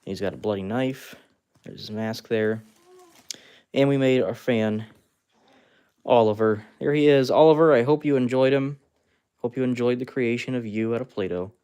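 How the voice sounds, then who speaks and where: Smooth and dark at a medium pitch, this man speaks at a moderate pace with many pauses. While sculpting clay on a casual stream, he chats, laughs often, narrates his work and talks to viewers, reading their chat.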